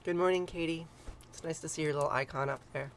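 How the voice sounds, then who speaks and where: A man hosting a morning livestream, reading an old myth aloud and chatting with viewers, hesitant with many ums and quick to chuckle. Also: fairly high pitch, steady tone, slight background noise. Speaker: livestream ritual host. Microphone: livestream computer mic.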